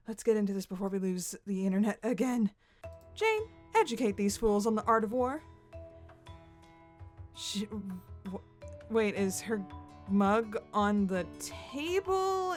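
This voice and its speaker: A young adult woman hosting a casual reaction video, chatty and giggly with rambling asides. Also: a little high.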